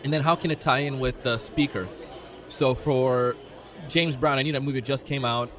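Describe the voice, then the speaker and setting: A man being interviewed as an event emcee, talking in a lively, expressive way and pausing to think. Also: mid-range voice. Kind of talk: casual interview chat.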